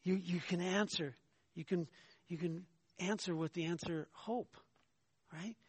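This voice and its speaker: A man delivering a sermon in a fairly high voice, emphatic and insistent. He keeps checking in with the congregation and climbs in pitch as he presses a point. The sound is dry and close, with no room echo. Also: fairly even intonation, measured pace, husky. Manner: emphatic preaching, asks "right?" often, rises in pitch when arguing. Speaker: pastor.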